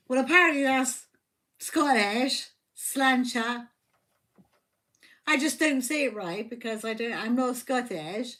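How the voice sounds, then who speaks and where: Slow, bright-voiced, swearing woman. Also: a little high. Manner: profane, blunt and joking. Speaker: tarot reader. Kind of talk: casual live tarot reading. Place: home livestream.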